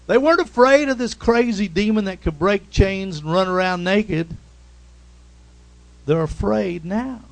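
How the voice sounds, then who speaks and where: A man preaching a sermon in an animated way, reading scripture and calling out amens. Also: high voice, creaky, low-quality recording.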